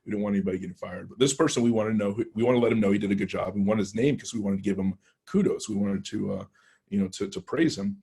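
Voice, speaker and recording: A man tells a story in a relaxed, conversational way, with lots of restarts. His voice sits low and has a husky, slightly breathy edge. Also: rapid-fire. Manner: conversational, with many restarts and acted-out quotes. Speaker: penetration tester. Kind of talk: casual storytelling talk.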